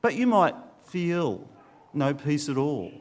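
A man's voice: a little high, sing-song, takes it slowly, darkish tone. A man preaching a sermon, earnest, often putting questions to his listeners.

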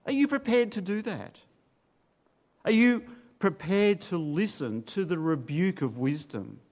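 Male pastor preaching, slow delivery, lively pitch swings, dramatic urgency. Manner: dramatic, swings between loud urging and low hushed warnings. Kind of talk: sermon.

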